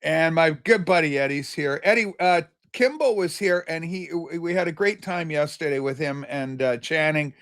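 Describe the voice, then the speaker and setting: A man's voice: on the high side, normal speed, hardly any pauses, fairly bright tone. A man hosting a casual livestream, rambling as he reads out and answers viewer comments. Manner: loose and chatty, with many fillers and restarts. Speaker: livestream host.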